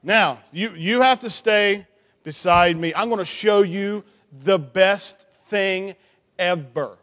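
A man with a high, light voice runs a lively children's church time in a reverberant hall. He is playful and animated, teasing the kids with questions and cheering on his young helper. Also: slow pace. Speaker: children's pastor.

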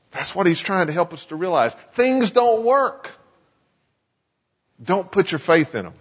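A pastor giving a sermon, earnest and emphatic, often restarting phrases and slowing down to stress key points. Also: male voice, high voice, a bit bright, slightly rough. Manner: earnest preaching with many restarts and slow emphasis. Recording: muffled sound with long hall reverb.

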